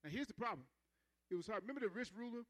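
A man preaching a sermon, stretching out key words and having the congregation repeat after him, then dropping to low asides. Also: expressive. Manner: emphatic, drawn-out stresses, calls on the congregation to repeat; swings between loud proclaiming and low soft asides.

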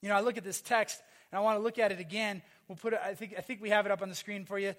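A male pastor preaching in a strikingly high voice. He presses his points by repeating phrases and calling for amens. His delivery swings from loud insistence to quiet, hushed lines. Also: steady tone, rapid-fire. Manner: emphatic, repeats phrases, calls for amen. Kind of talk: sermon.

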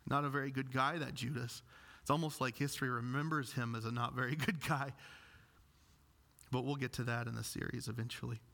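A male pastor preaching a sermon with animated storytelling and self-deprecating humor. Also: medium pitch, brisk, creaky.

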